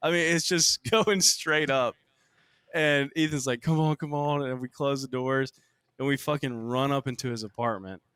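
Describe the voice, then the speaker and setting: A young man on a podcast telling a story in a casual, animated and profane way, acting out what people said. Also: medium pitch, moderate pace, clean tone, dry recording, studio quality. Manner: animated, profane, acts out quotes. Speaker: podcast co-host.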